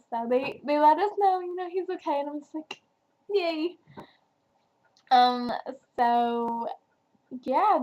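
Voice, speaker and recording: A woman's voice: on the high side, a little mellow, dull audio. A young woman from New Jersey reviewing a book in a casual vlog, chatty and full of fillers. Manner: chatty, filler-heavy, gushing. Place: home, at night.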